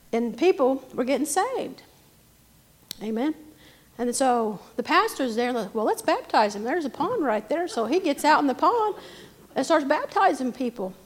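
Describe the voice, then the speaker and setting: A woman preaching a testimony sermon, fervent, breaking into amens and hallelujahs. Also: fairly high pitch. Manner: fervent, rising to shouted praise, interjecting amen and hallelujah.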